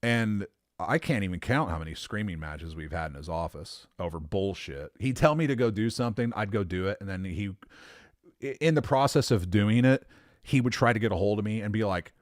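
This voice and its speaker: A man telling a story in a casual, animated, profane way, getting worked up as he talks. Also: on the low side, brisk, no echo, studio quality. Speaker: storyteller recounting a former boss.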